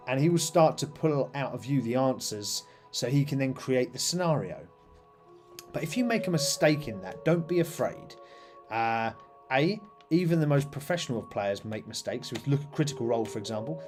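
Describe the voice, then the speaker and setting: A man's voice: medium pitch, animated, moderate pace, a little mellow, soft background music. A man hosting a live stream, chatting casually about tabletop roleplaying with lots of fillers and restarts. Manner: rambling, many fillers and restarts. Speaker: host.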